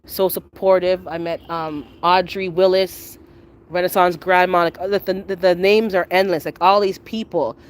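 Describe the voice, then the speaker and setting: A Canadian woman chats casually on a livestream as she strolls around her backyard garden near a rail line, answering viewer comments. Her voice is lowish, fairly even in intonation, and a little slow.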